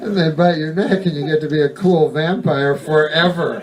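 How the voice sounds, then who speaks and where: A man doing stand-up in a rambling, deadpan way, swearing often and wandering off on tangents. His voice sits a bit high for a man. The mic catches him from a distance, with noticeable noise and clicking behind him. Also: normal speed, a loud crowd. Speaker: stand-up comedian. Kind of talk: stand-up comedy routine.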